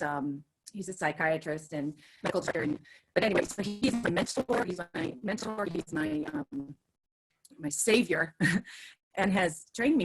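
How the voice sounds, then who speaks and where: Brief woman in her 50s, excitable storyteller, restarts often, webinar guest on a video call. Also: mid-range voice. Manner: hyper, chatty, restarts a lot. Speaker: guest speaker, teacher. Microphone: video call with earbuds.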